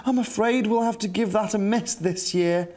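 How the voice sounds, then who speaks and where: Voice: medium pitch, normal speed, darkish tone, natural voice. A woman voicing a fretful old male rabbit who leads a camp, dithering and repeating his worries in a children's storybook reading. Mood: anxious.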